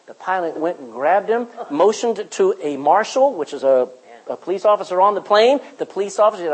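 A man preaching a sermon in church, with loud rises and quiet drops. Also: sits high, animated, fairly quick, rough recording. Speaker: pastor.

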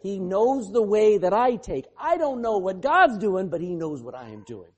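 Preacher with a lively, swooping pitch. Animated sermon delivery, firing questions at the congregation. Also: moderate pace. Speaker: pastor.

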